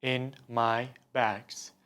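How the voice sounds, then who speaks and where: A male language teacher, a native speaker of Turkish, explaining patiently and repeating example words slowly in an online lesson. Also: mid-range voice, little pitch movement, a bit bright, clean tone.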